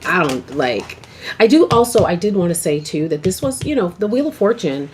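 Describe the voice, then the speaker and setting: A woman's voice: fairly low pitch, sing-song, normal speed, darkish tone. A woman doing a casual, rambling tarot reading to camera, often asking okay. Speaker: tarot reader. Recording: noisy home video recording.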